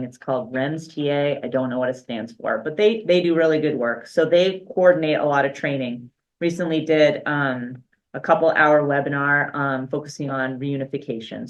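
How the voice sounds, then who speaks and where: A school superintendent gives an unscripted update to a board meeting, speaking at an ordinary, middling pitch. The delivery is loose and conversational, full of restarts and filler, with a dry, self-aware humor now and then.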